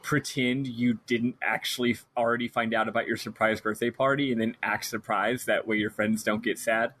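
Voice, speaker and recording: A man's voice: mid-range voice, level tone, normal speed, a bit bright. A man co-hosting a gaming podcast in casual chat, rambling a bit with fillers and laughing often. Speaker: podcast co-host.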